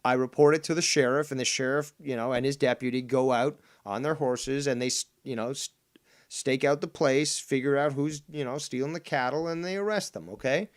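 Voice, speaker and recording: A man's voice: mid-range voice, brisk. A man hosting a livestream, rambling and swearing as he mocks a rival and reads chat. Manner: rambling, profane, mocking, many fillers. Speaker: livestream host. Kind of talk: casual livestream commentary.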